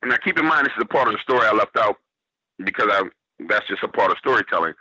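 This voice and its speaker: Bright, husky-voiced Southern man telling a story. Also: lowish voice, animated, quick pace, dry recording, muffled recording. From New Orleans, Louisiana, US. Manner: relays the story by quoting what others said, with frequent restarts. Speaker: guest storyteller. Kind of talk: casual spoken storytelling on a radio show.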